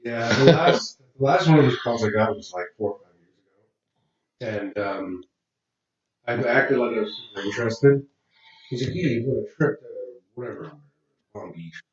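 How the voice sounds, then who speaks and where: A man's voice: mid-range voice, moderate pace, pauses often. A man co-hosting a casual podcast, telling prank-call stories, acting out the voices and swearing freely. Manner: animated storyteller, acts out prank calls, swears freely. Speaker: podcast co-host. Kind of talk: casual storytelling chat. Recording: roomy, distant, dull lo-fi sound.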